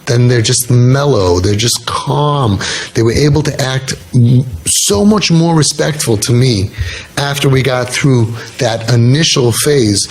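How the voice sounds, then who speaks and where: A man's voice: medium pitch, measured pace. Middle-aged man telling stories with emphasis. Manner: animated storytelling, repeats lines for emphasis. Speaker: speaker on parenting and youth work. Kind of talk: casual spoken talk.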